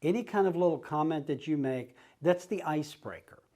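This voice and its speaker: Man teaching sales, mellow voice. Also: on the high side, brisk. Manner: acts out friendly phone calls in a casual, familiar tone. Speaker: real estate trainer. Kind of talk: instructional talk.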